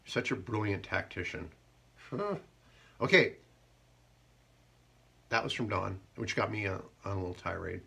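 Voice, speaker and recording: A man hosting a live haiku show, chatting casually and joking, and reading poems slowly. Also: on the low side, animated, vocal fry, bright, forceful tone, slightly rough. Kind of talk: casual live-stream chat.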